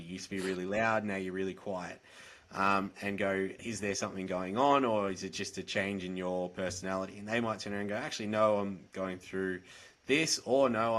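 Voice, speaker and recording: A man with an Australian accent speaks in a somewhat low register. His talk is direct and earnest, the frank conversational way of a podcast guest. He sounds like he is on a video call. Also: fairly bright tone. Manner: direct, earnest, plain-spoken. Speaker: podcast guest, mental health advocate. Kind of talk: candid conversational storytelling.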